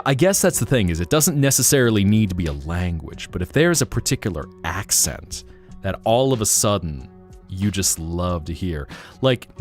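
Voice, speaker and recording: A deep-voiced man hosts a casual late-night livestream, chatting playfully about accents and greeting viewers. His voice swoops up and down with lively pitch as he muses. Soft music runs faintly under him. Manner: playful, slips into accent bits while musing. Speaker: livestream host.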